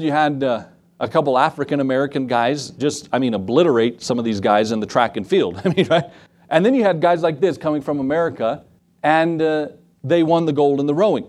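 A man preaching a sermon in a lively, conversational way, with asides to the congregation. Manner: acts out quoted voices with shifts in pitch. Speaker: pastor.

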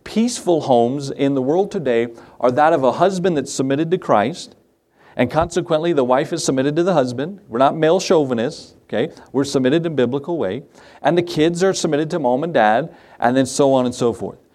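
A man's voice: a little high, moderate pace, darkish tone. Folksy man preaching a sermon. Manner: folksy, conversational preaching with asides and chuckles. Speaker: pastor.

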